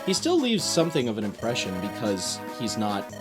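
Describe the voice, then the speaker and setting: A man's voice: lowish voice, wildly swooping pitch, a little fast. A man casually commentating a video game playthrough as a guest, rambling and hesitant, with frequent restarts. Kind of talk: casual let's play commentary. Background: video game music.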